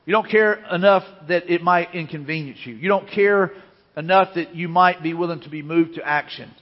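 A man's voice: on the high side, moderate pace. A man preaching a sermon as pastor, earnest and repeating his key phrases for emphasis. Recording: dull lo-fi sound with long hall reverb.

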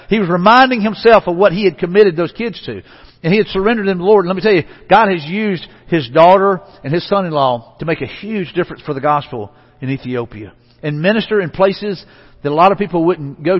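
Male pastor, sermon in a church sanctuary, trailing soft endings, long hall reverb. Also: high-pitched, breathy edge, highs cut off. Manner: conversational preaching, repeats phrases, drops soft at line ends.

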